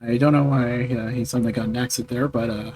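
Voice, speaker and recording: A man's voice: medium pitch, steady tone, fast talker, poor audio. A man giving wry, joking commentary while playing through a story game. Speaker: let's-play host.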